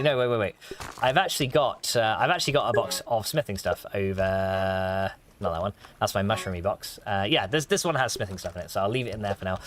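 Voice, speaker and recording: A man's voice: medium pitch, fairly bright tone. Chatty male game streamer. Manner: chatty, reads chat aloud with frequent restarts and fillers; laughs often. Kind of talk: casual livestream chat. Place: home room.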